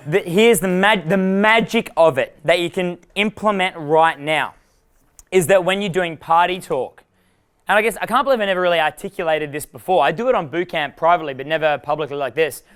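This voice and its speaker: A man giving a live dating seminar, animated and profane, laughing at his own jokes. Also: sits high, normal speed, smooth. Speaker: dating coach.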